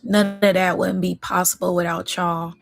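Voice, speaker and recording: A woman hosting a spiritual reading vlog, talking in a slow, effusive and emotional way, close to tears of joy and calling her viewers y'all. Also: fairly low pitch, flat delivery, gravelly, faint music behind. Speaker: spiritual reading channel host.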